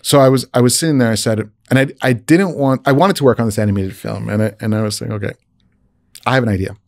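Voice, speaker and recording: A man's voice: quick pace, vocal fry, darkish tone, no echo, studio quality. A man casually recounting a career story, often repeating and restarting words and acting out the lines of the people he quotes. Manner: retells conversations, often raising his pitch for the quoted speakers. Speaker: visual effects artist telling a career story. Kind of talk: casual personal anecdote.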